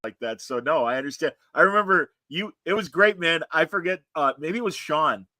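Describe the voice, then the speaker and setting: A man hosts a relaxed chat show, his voice bright and forceful and pitched a touch above the usual. He talks in a rambling way, full of fillers and restarts. The sound is dry and close. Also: a little fast, dry recording. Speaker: host. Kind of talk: casual chat.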